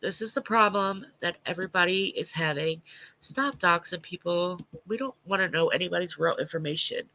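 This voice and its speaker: Gravelly, sharp-voiced congested man. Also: high-pitched, steady tone, normal speed, rough recording. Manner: responds to viewer comments, blunt and profane. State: congested, stuffy nose. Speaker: livestream host. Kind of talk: casual livestream chat.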